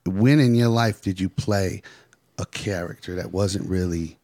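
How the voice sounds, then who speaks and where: A man from California leads a casual roundtable. His voice sits low and his manner is relaxed as he asks reflective questions. He is recorded dry and close. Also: measured pace, dry recording. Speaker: podcast host.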